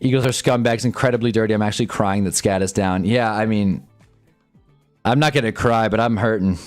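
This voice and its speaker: A man's voice: lowish voice, a little fast, faint music behind. A man giving frustrated, profane commentary while watching a game live on a stream. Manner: swears a lot, frustrated fan reactions.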